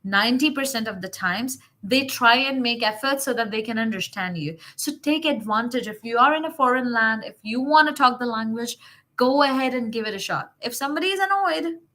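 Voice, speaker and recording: Female teacher hosting a livestream, casual and encouraging, slightly high voice with a crisp, forceful edge. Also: animated, normal speed. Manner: encouraging, coaching directly; chatty, with fillers and self-corrections. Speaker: English teacher, livestream host.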